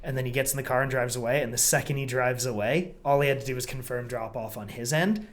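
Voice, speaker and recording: A man co-hosting a casual comedy podcast, lively and laughing as he tells a travel story, swearing now and then. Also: medium pitch, fast. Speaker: podcast co-host.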